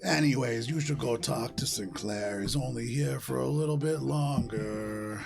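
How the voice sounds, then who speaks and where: A man voicing a friendly, flirty female diner owner with snakes for hair, drawing his words out slowly. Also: medium pitch, gravelly, music in the background.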